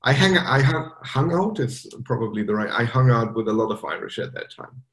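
A man's voice: medium pitch, a little fast. German man chatting in an echoey room. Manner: relaxed, hesitant with many fillers and restarts. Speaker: guest developer. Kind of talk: casual interview chat.

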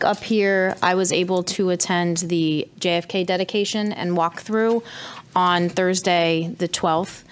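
A woman's voice: mid-range voice, slight background noise. A woman town councilor giving upbeat remarks at a meeting, with frequent ums.

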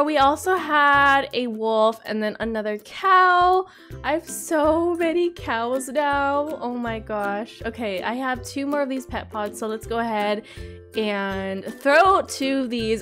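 High-voiced bubbly young woman gamer. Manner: bubbly, excitable, squeals with delight. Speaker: gaming channel host. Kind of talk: gameplay commentary. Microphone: desktop microphone.

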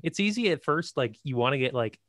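A man's voice: medium pitch, lively intonation, brisk, a bit bright, no room sound. A male podcast host talks in a loose, rambling way, filling gaps with hesitant fillers. His voice sits in a middle register. The recording is dry and close. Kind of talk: casual conversation.

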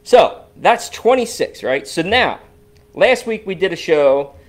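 A man co-hosts a relaxed podcast, talking in a casual, animated way. His voice sits a bit high and swings widely in pitch as he goes through the numbers. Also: a little slow. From Cincinnati, Ohio area. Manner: animated, walks through download stats. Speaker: podcast co-host.

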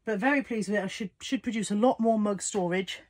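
A woman's voice: medium pitch, fast, breathy edge. A middle-aged woman, chatting casually and mocking herself as she talks to the camera in a vlog. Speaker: vlogger.

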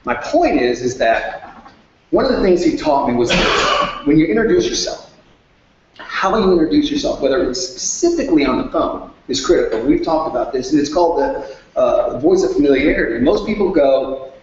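A man giving an animated sales talk at a workshop, acting out phone calls in raised voices. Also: a little high, moderate pace, slight background noise. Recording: echoey room, dull lo-fi sound.

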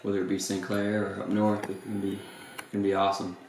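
A man co-hosting a fishing video, relaxed and agreeable, chiming in with short remarks. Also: fairly low pitch, a little fast. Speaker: co-host. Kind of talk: casual unboxing chat. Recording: echoey room with faint background noise.

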